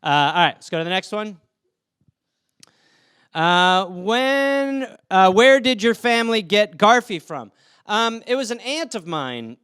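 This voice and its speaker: Male comic host, high smooth voice, dry booth sound, rambling solo riffs. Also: big pitch swings, unhurried, a bit bright, no echo. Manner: riffing, jumps into goofy character voices mid-sentence. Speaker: podcast host answering listener topics. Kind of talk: solo comedic rant.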